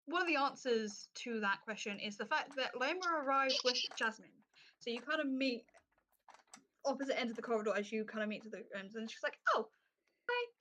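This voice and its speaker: Give me a bright, lively woman running a tabletop game. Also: a little high, poor audio. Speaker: game master.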